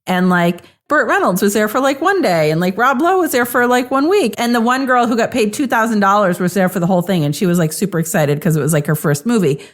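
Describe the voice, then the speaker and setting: A woman's voice: mid-range voice, expressive, fast, few pauses. A woman co-hosting a podcast, chatty with many fillers. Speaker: podcast co-host. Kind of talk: casual podcast chat.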